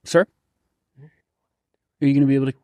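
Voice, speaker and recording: A man playing a halting male dog owner handing over his many pets, full of ums and uhs in an improvised sketch. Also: medium pitch, little pitch movement, mellow, dry recording, clean studio sound, lightly acted. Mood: breezy. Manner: halting, filler-heavy.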